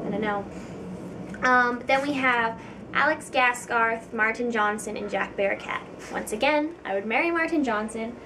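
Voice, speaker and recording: A woman's voice: fairly high pitch, fairly bright tone, far from the mic, a little hiss or hum, poor audio. A young woman vlogger chatting casually to camera, giggly and self-deprecating, with frequent ums.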